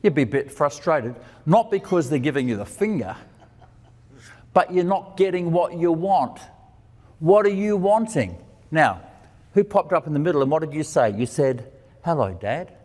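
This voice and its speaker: A man's voice: a little high, animated, normal speed, darkish tone. A man giving a conversational sermon. He asks questions and answers them himself, and he acts out the quoted lines of dialogue with changes in his voice. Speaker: preacher and teacher. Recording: long reverb of a hall.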